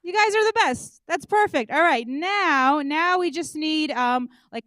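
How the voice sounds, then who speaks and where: A woman warming up an auditorium audience, joking and leading rounds of applause with loud, energetic calls. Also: sits high, slow, hardly any pauses, no room sound. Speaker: audience warm-up comedian. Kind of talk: stand-up warm-up, leading applause.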